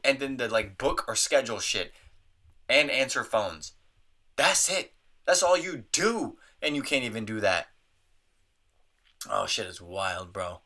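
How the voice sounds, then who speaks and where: A young man hosting a podcast, ranting in a profane, animated, comedic way and slipping into mocking voices. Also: medium pitch, normal speed. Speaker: podcast host. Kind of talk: casual comedic rant.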